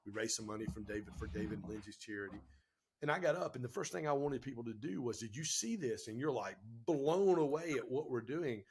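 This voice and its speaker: Man, husky, animated podcast guest, mid-pitched, emphatic storyteller. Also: fast talker. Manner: animated, emphatic, casual slang. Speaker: guest entrepreneur and speaker.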